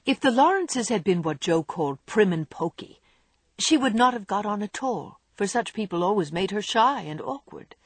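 An audiobook narrator reads a classic novel in a measured, expressive way. The voice is husky and dry, recorded close with no room sound. The pitch moves in lively swings. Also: dry recording. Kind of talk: scripted narration.

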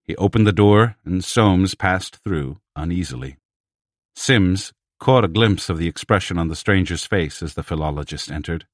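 A man reading a science fiction story aloud as narrator, in a measured storytelling manner. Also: low-pitched, no room sound, clean studio sound. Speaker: audiobook narrator. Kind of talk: scripted narration.

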